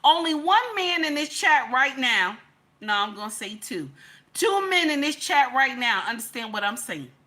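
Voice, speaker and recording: A woman's voice: high voice, big pitch swings, normal speed, bright, forceful tone. A woman, hosting a livestream and lecturing her chat in an emphatic, repetitive way. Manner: preachy, repetitive, emphatic, says "okay?" often. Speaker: livestream host.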